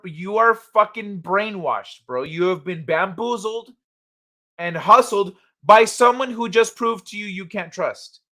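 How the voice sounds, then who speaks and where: A man with a high, bright, sharp voice hosts a casual livestream, answering chat messages as he goes. He rants in a heated, blunt way and swears freely. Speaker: livestream host reading chat.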